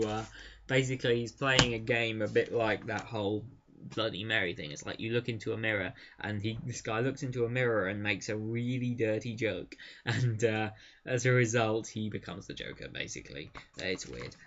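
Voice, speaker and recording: A man's voice: fairly low pitch, a bit bright, muffled recording, slight background noise. A man casually reviewing a comic book, enthusiastic and chatty, with frequent ums and uhs.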